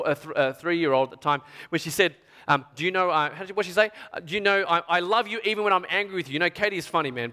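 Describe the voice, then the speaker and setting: Australian male preacher, high-pitched and bright, animated storyteller, big hall reverb. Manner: animated, chatty, keeps asking "right?". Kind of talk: storytelling sermon to a youth event.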